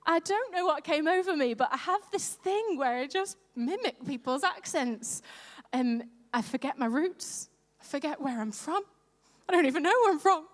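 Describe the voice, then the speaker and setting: A woman's voice: high voice, lively intonation, normal speed. A woman pastor giving a sermon, chatty and self-deprecating, asking her congregation questions. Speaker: pastor on church lead team. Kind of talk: sermon with audience interaction. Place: large church hall. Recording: echoey church hall reverb.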